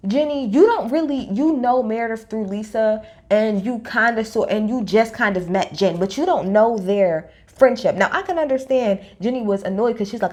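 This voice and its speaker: A woman recapping a reality TV episode in a blunt, profane, animated storytelling style. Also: on the high side, normal speed, hardly any pauses. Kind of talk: casual opinionated recap.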